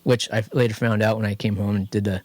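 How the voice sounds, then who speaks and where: A man with a Californian accent co-hosting a podcast, telling a long garage story in a rambling, animated way. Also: fairly low pitch, quick pace, no echo. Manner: rambling, animated anecdote telling, quotes others in lively voices. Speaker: podcast co-host. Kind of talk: casual garage chat, storytelling. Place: home studio.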